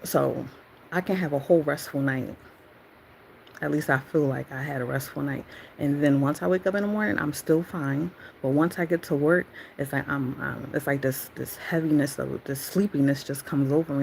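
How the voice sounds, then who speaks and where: A woman's voice: low voice, a little fast, vocal fry, darkish tone, slight background noise, poor audio. A woman sharing a casual devotional talk, rambling and reflective and often correcting herself. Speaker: faith vlogger.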